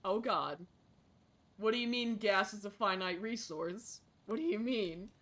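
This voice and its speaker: Speaking at a measured pace with a medium-pitched voice, a young woman streams a game and plays the part of a frazzled parent. She chatters chaotically and excitably, mutters giving way to sudden shrieks.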